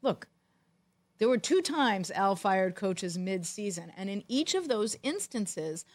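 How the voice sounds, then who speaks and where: A middle-aged woman co-hosting a sports talk show, telling a long story in a wry, animated way. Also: mid-range voice, slow pace. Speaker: podcast co-host, former football executive. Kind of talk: storytelling in casual chat.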